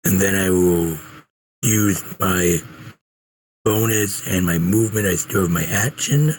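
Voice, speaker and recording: A man with a very deep voice calmly calls out his moves in a tabletop game. He speaks slowly, with faint room ambience behind him. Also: a little hiss or hum. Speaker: player. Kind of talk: casual tabletop game chat.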